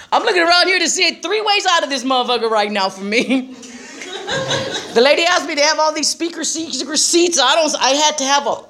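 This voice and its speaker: A woman's voice: high-pitched, fairly bright tone. A middle-aged woman speaking bluntly to a group about recovery, swearing freely and laughing often. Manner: profane, laughing, streetwise. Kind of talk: blunt personal talk to a group.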